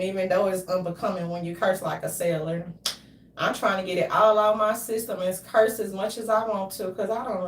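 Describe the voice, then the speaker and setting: A woman's voice: medium pitch, far from the mic. A woman ranting casually to her audience, telling stories with lots of cursing, laughter and mimicked voices. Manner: profane, animated storytelling with laughs and mimicry. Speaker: commentary streamer. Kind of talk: casual rant. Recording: echoey room, off-mic.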